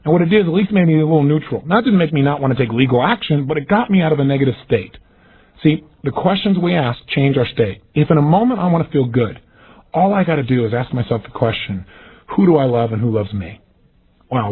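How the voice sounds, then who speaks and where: A man giving an energetic, emphatic motivational seminar talk, acting out the questions he quotes. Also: fairly high pitch, fast talker, slightly rough. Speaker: motivational speaker. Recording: tinny phone-like lo-fi audio.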